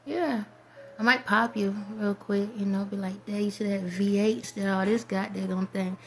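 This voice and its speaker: Woman vlogger, reflective and rambling, soft trailing whispers, faint background hiss. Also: mid-range voice, steady tone, moderate pace. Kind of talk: casual spiritual monologue.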